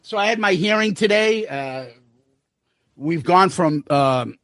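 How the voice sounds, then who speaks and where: A man in casual podcast banter, spinning crude stories and laughing between them. His voice sits high and swings widely. The sound is dry and close. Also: expressive, takes it slowly, a bit bright, no echo. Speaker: podcast co-host.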